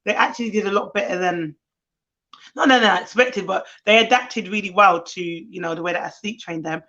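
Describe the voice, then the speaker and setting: Animated, bright-voiced nanny. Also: female voice, medium pitch, a little fast. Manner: animated storytelling, acts out children's voices. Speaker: nanny, co-host. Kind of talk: casual livestream chat. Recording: muffled lo-fi stream audio.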